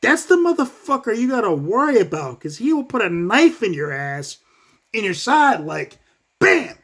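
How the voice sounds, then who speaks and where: Man, vlogger, profane rant, high lively voice, swings up and down a lot, talks in quick bursts. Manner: profane, animated, fast bursts, acts out quotes. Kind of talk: casual commentary rant.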